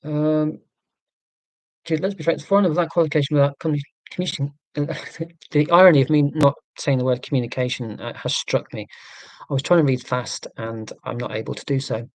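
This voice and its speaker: A man's voice: a little high, fairly even intonation, a little fast, darkish tone, no echo. A man from England hosting a live stream, chatting in a rambling, self-deprecating, joking way. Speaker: livestream host.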